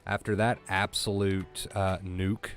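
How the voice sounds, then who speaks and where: Male streamer, lower register, casual and emotional, voice cracking with gratitude. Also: little pitch movement, takes it slowly, faint music behind. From US East Coast. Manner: emotional, effusive thanks to viewers. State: voice breaking with emotion. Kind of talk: casual live-stream chat.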